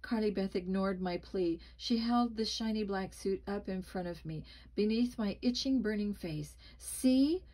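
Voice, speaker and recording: A woman reading a spooky children's book aloud, expressive and dramatic, with small slips. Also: medium pitch, moderate pace, few pauses, rough recording. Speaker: storybook reader.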